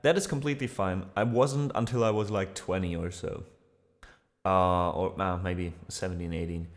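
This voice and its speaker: Relaxed low-voiced man chatting on stream. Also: moderate pace, big-room sound. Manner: relaxed, rambling, fillers and laughs. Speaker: musician streamer. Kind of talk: casual livestream chat.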